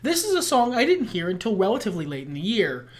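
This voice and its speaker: A man with a high, nasal voice co-hosting a podcast in casual chat, blunt and self-deprecating, swearing freely. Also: wildly swooping pitch, fast. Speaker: podcast co-host.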